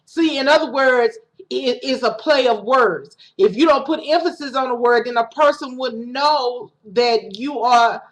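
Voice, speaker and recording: A woman's voice: a little high, a little slow. Woman preaching conversationally. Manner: conversational, repeats and restarts, acts out quoted lines. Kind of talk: casual home-recorded sermon. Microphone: home recording setup.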